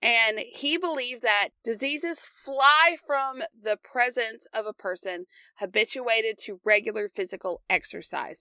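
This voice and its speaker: A young woman co-hosting a casual history podcast, reading from her notes and breaking off for quick joking asides. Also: medium pitch, sharp tone, dry recording. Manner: reads notes aloud with quick asides and laughs. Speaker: podcast co-host.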